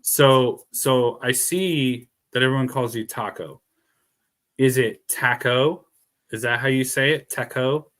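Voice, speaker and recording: A man's voice: mid-range voice, fairly even intonation, moderate pace, hardly any pauses, fairly bright tone. A man with a lisp streaming and chatting casually, rambling, laughing and swearing. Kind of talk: casual chat.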